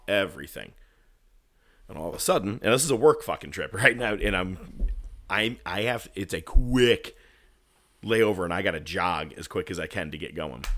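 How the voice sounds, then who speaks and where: A man casually telling a story, animated, swearing and laughing at his own misfortune. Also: low-pitched. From California.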